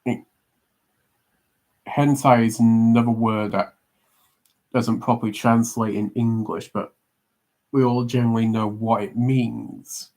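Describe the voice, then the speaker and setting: A man's voice: medium pitch, fairly even intonation, a little slow, long pauses, dark tone. Chatty Welsh man streaming. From Wales. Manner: rambling, chatty, with many fillers. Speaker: artist streaming live. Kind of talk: casual chat on a livestream.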